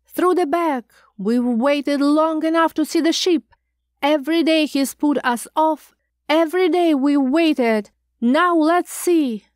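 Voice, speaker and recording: A woman reading an audiobook voices an indignant old woman with a shrill, demanding manner. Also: slow, no echo, studio quality. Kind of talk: audiobook narration.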